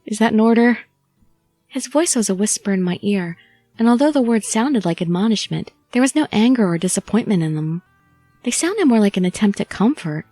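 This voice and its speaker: Breathy lady reading an audiobook, bouncy pitch, dry close mic. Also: brisk, dry recording, faint music behind. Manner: expressive, first-person storytelling. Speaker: audiobook narrator and channel host. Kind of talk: audiobook narration and chatty outro.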